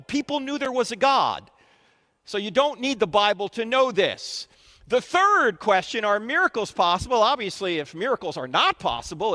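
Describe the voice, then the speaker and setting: A man with a high, lively voice lectures a crowd of students, firing questions at them to keep them engaged. The sound carries a long reverb from the auditorium he speaks in. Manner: animated, quizzes the audience with questions. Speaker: Christian apologetics speaker. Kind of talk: live lecture to a student audience. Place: university auditorium. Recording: reverberant hall.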